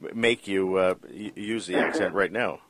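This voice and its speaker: A man hosting an interview, asking long, halting questions and repeating words. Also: sits low, a bit bright, dry recording. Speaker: interview host. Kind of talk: casual interview talk. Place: Vancouver.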